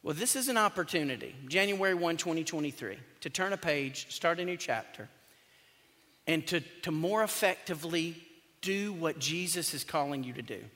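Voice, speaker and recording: A man's voice: a little high, animated, normal speed, pushed and bright. A male pastor, preaching a sermon in a conversational, joking and emphatic way. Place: church sanctuary. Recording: long church hall reverb.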